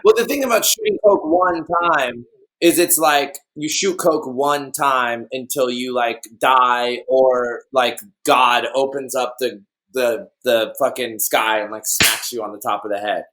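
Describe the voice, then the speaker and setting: A man telling loose, meandering stories on a podcast, often laughing at himself. His voice sits in an ordinary middle pitch. The talk is relaxed and casual. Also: measured pace. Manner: rambling storyteller who laughs at his own tales. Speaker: podcast guest. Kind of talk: casual chat.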